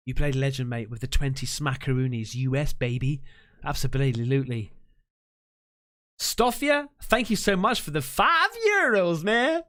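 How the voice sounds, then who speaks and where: Lively, excitable male stream host. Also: medium pitch, a little slow. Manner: excitable, slangy, thanks viewers effusively. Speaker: livestream host. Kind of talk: casual live-stream chat.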